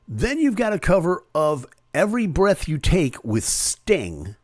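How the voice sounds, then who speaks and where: A man's voice: a little high, big pitch swings, dry recording, studio quality. A male host in casual live-stream chat, reading comments and talking with many fillers and restarts. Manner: chatty, halting with fillers and restarts.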